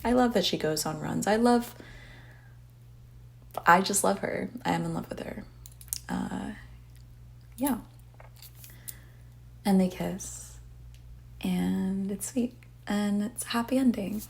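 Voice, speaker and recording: A woman's voice: medium pitch, slow, gravelly, pauses often, a little mellow, soft background music. A woman hosting a casual podcast, rambling with lots of filler words and cursing freely. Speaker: podcast host.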